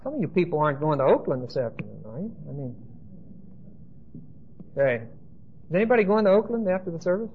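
A man's voice: on the high side, sing-song, fast, pauses often, phone-quality sound, a little hiss or hum. A man teaching a congregation through Bible verses in a conversational way, often checking in with "okay?" and making asides during a church service. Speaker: pastor.

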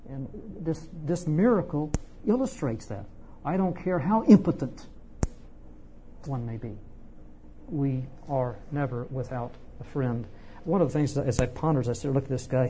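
A preacher delivering an expository sermon, speaking emphatically with wide swings in pitch and loudness and repeating words for emphasis. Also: a little hiss or hum.

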